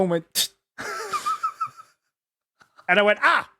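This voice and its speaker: A man co-hosting a podcast, telling a personal story in a halting way with many restarts and acted-out quotes. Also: high voice, animated, bright, forceful tone, a little hiss or hum. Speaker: podcast co-host. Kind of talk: casual storytelling chat.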